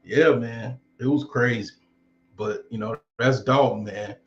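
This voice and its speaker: A man's voice: mid-range voice, fairly even intonation, unhurried, fairly bright tone. A man in his forties telling stories casually in a loose, rambling and profane way. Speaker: vlogger. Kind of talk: casual storytelling. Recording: roomy, slightly dull recording.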